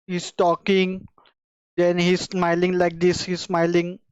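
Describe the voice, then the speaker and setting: A woman's voice: lowish voice, completely flat delivery, slow pace, a little mellow, clear, resonant tone, no echo. A woman hosting a 3D modeling channel, walking through her work in a casual tutorial, speaking in simple phrases with hesitant fillers. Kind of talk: casual screen-recorded tutorial walkthrough. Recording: dull, slightly lo-fi dry sound.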